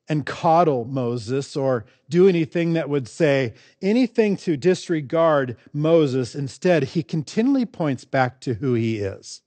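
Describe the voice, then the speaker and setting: A man's voice: mid-range voice, darkish tone, dry recording. A man preaching a sermon as pastor, earnest and full of rhetorical questions.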